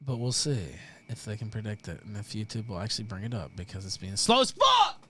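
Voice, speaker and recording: A man's voice: fairly low pitch, huge pitch swings, brisk, very noisy. A man hosting a livestream, delivering profane, mocking rant commentary. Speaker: livestream show host. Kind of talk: ranting commentary.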